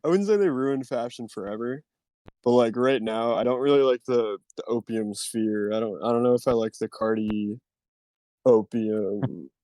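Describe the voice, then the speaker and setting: A young man talks loosely on a podcast, drifting between casual swearing and quick laughs. His voice sits at a middle pitch, recorded dry and close with no room sound. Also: dark tone, no room sound. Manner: laid-back, swears casually, laughs often. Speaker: podcast host. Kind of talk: casual chat.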